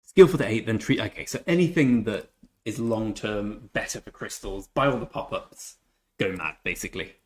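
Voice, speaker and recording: A man's voice: fairly low pitch, normal speed. Man, gaming streamer, casual live-stream chat, reads out chat, mutters to himself.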